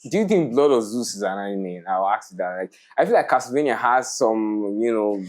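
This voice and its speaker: A man's voice: on the low side, animated, fairly quick, a little mellow. A young man co-hosting a podcast in a studio, opinionated and prone to rants, laughing often. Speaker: podcast co-host. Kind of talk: casual podcast chat.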